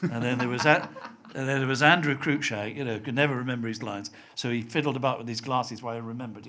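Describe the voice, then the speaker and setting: Older Scottish man, softened accent, seasoned TV writer as interview guest; chatty storyteller who mimics the people he quotes. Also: medium pitch, quick pace, a little hiss or hum. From Scotland. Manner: chatty storyteller, acts out quoted voices, laughs often. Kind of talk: anecdotal live interview.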